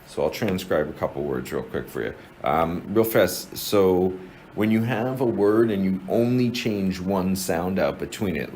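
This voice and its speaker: A man's voice: deep voice, a little slow, a little mellow, a little hiss or hum, low-quality recording. A man with a New Jersey accent giving an informal lesson, explaining step by step with plenty of fillers and restarts. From New Jersey, USA. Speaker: teacher.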